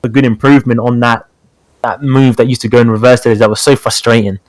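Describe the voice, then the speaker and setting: Here the same kind of casual fighting-game tutorial chat comes from a British man appearing as a guest specialist, leaning on fillers and repeating himself. He has a mid-range, steady voice and talks fairly quickly over some background noise.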